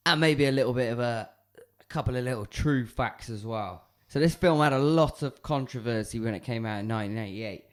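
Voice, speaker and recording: A man's voice: mid-range voice, fairly quick. A man co-hosting a podcast, chatting casually about a film with wry asides, laughter and casual swearing. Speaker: podcast co-host.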